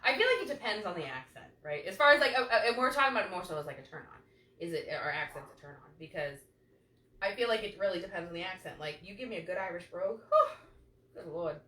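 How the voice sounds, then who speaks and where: A woman's voice: on the low side, animated, fast, pushed and bright. A woman co-hosting a casual chat show, laughing often and swearing freely. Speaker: podcast co-host. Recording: echoey room from far off, faint noise.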